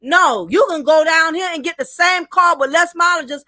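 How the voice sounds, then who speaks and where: A woman's voice: very high voice, moderate pace, few pauses, bright, forceful tone, no room sound, clean studio sound. A married woman hosting a livestream, reading viewer comments and giving blunt, preachy commentary straight to the camera. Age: adult, married. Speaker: livestream host.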